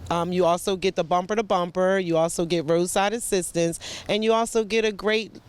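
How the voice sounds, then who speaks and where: A car salesman with a high, smooth voice answers questions about the vehicles on the lot. He lists features plainly and without fuss, his tone clean and even. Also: fairly quick, dry recording. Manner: plain, matter-of-fact listing of features.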